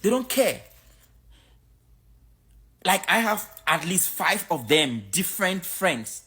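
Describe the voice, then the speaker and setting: A woman's voice: fairly low pitch, takes it slowly, long pauses. A woman from Africa in her thirties, giving a blunt, outspoken opinion monologue to a phone camera. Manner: blunt, outspoken, animated storytelling. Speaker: social media creator.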